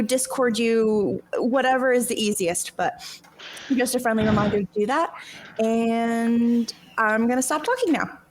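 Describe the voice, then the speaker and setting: A woman's voice: mid-range voice, a little hiss or hum. A woman making casual announcements on a charity game stream, chatty and hesitant with many ums.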